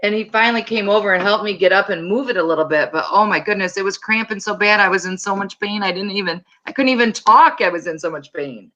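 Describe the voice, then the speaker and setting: A woman on a live-stream panel, telling stories in an animated way and acting out the dialogue over a video call. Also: medium pitch, fast, few pauses, dull audio. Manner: animated storytelling that acts out quoted dialogue. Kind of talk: casual chat on a live stream.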